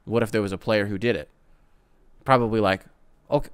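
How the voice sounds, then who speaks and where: Profane, animated male sports podcaster. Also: fairly low pitch, a little fast, pauses often, smooth, dry recording, studio quality. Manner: profane, animated, mocking impressions. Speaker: podcast host. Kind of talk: casual solo sports podcast rant.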